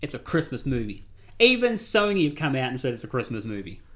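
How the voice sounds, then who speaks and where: A man co-hosting a podcast in casual chat, talking in an excited, animated way. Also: medium pitch, fairly quick. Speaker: podcast co-host.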